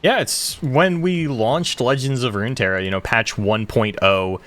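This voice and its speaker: Casting note: male esports caster, bright voice, casual and chatty, laughs easily. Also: mid-range voice, normal speed, soft background music. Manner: chatty, laughs often, self-deprecating. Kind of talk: live esports commentary.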